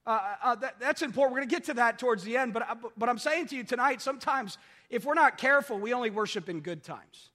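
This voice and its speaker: A man's voice: very high-pitched, fast talker, bright, forceful tone. A man preaching a sermon, repeating key phrases and checking in with the congregation. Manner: repetitive call-and-response preaching, asks "are you with me". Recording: long hall reverb.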